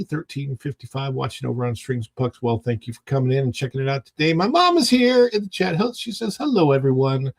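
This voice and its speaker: A man's voice: mid-range voice, vocal fry, darkish tone, no room sound. A man hosting a casual home livestream who rambles and greets chat viewers one by one. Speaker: livestream host.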